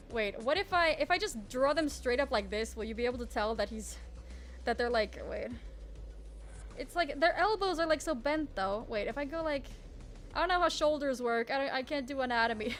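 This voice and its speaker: A woman's voice: sits high, a little hiss or hum. A woman streamer chatting casually while she draws, self-mocking and full of trailing restarts. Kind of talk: casual live-stream chat while drawing.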